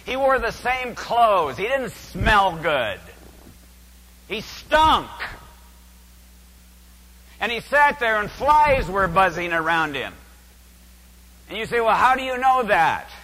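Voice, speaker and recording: An older man from California's San Joaquin Valley preaching a sermon as a story, with dramatic swings from hushed to loud. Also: sits high, very animated, takes it slowly, pauses often. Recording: reverberant hall.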